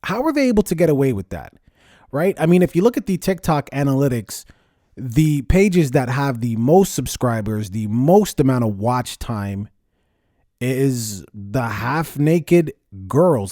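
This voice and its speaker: A man hosting a casual podcast, talking in a lively, conversational way and stressing words as he rants. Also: medium pitch, measured pace, dry recording, studio quality. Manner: lively, conversational, ranting with emphasis. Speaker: podcast host. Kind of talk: casual solo podcast talk.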